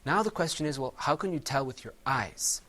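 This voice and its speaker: A man patiently quizzes students in his Quran recitation class, slowly drilling words together with them. He has an animated, mid-range voice that's a little bright.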